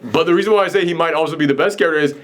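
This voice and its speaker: A man talking in a loose, casual film reaction chat with a somewhat high voice. He rants and rambles, trips through fillers and restarts, and keeps slipping into mock voices to act out what characters say. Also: rapid-fire. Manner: animated ranting, acts out quoted lines in mock voices. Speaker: podcast host reviewing a film.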